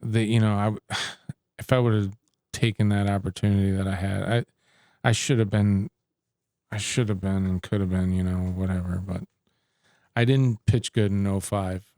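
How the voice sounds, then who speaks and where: A middle-aged man with a low, mellow voice tells stories from his playing days, slipping into the voices of the people he quotes. The recording is dry and close. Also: normal speed, dry recording. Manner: animated storyteller who acts out quoted exchanges. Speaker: interview guest, former baseball pitcher. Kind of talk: casual storytelling interview.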